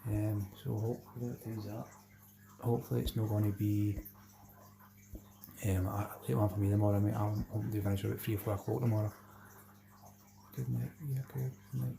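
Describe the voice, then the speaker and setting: A man's voice: on the low side, fairly even intonation, fairly quick, creaky, pauses often. A Scottish man from Glasgow hosting a casual fishing livestream, chatting with viewers by name and calling them "mate" all the time. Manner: chatty, says "mate" constantly, reads out viewer names. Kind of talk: casual live chat with viewers.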